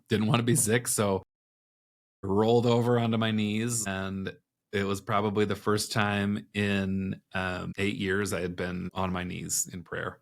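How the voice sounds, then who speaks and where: Speaking in a low, creaky voice, this podcast guest recounts something that happened to him. His retelling is candid and animated, with quoted inner dialogue as he acts out the voices and thoughts, interview-style personal storytelling.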